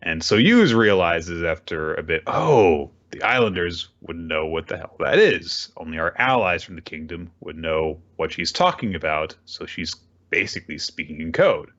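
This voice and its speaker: A man's voice: low-pitched, expressive, moderate pace, a bit bright, dull audio. A man hosting a casual recap show, talking animatedly with bursts of swearing and voiced character lines. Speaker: podcast host. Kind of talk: casual manga recap chat.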